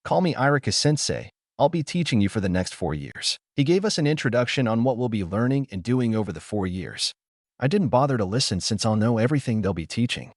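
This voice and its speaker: A man's voice: on the low side, animated, fast, no echo, studio quality. A man reading a fan-fiction story aloud as narrator, voicing every character in his own voice.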